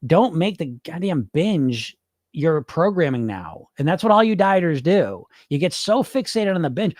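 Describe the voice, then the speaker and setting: A middle-aged man hosts a weight-loss podcast in a casual live-stream coaching style, blunt and swearing freely as he coaches listeners and imitates panicked dieters. His voice sits high with big swings in pitch, at a normal speed. The recording is studio quality with no echo.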